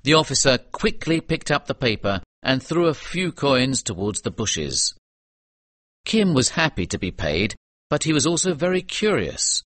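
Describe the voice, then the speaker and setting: A man narrating a storybook in a clear, measured way. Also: medium pitch, very animated, a bit bright, dry recording. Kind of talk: scripted audiobook narration.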